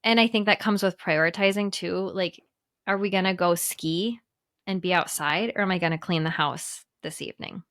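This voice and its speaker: A woman's voice: on the low side, moderate pace, fairly bright tone. Candid woman podcast co-host telling stories. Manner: candid, storytelling with laughs between phrases. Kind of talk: casual chat.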